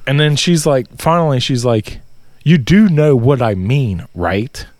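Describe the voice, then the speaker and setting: A man telling a story in casual podcast chat, swearing a lot and getting loud in disbelief. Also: medium pitch, a little slow, slight background noise. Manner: profane, animated storytelling, rising to loud disbelief. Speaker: podcast co-host.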